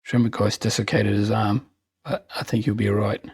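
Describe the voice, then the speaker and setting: A man's voice: on the low side, fairly even intonation, fairly quick, darkish tone, slightly rough, no room sound. A man hosting his own hobby channel, chatting loosely and enthusiastically as he shows off new miniatures. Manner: chatty, rambling, enthusiastic, self-mocking. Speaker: miniature wargaming channel host. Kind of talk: casual unboxing and hobby chat.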